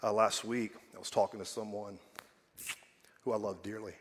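A man's voice: lowish voice, level tone, normal speed, fairly bright tone, slight background noise. Conversational male pastor in a reverberant hall. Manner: conversational preaching, rhetorical questions, dynamic swings in volume. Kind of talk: sermon.

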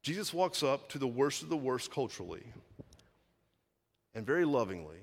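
A man preaching a sermon as pastor, animated, acting out quoted voices and swinging between loud and soft. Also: mid-range voice, normal speed, pauses often, slight background noise. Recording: long reverb of a large hall.

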